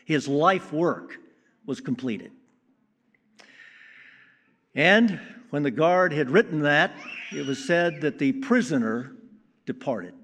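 A man preaching a sermon in a slow, deliberate way with strong emphasis on key words. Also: fairly high pitch, lively intonation. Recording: long reverb of a large hall.

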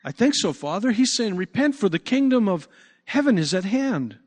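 A man's voice: high-pitched, sing-song, moderate pace, voice pushed up. A preacher voicing a curious young boy who eagerly questions his father. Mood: earnest. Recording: long reverb.

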